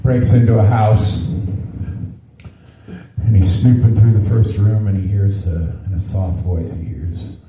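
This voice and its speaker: A man's voice: fairly low pitch, unhurried, mellow. A man doing stand-up, telling crude jokes with dry punchline delivery. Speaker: stand-up comedian. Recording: echoey room, distant mic, faint noise.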